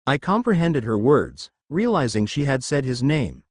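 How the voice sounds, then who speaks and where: A man's voice: mid-range voice, sing-song, moderate pace, hardly any pauses, slightly rough, dry recording, studio quality. A man narrating a first-person fan fiction story in a dramatic reading.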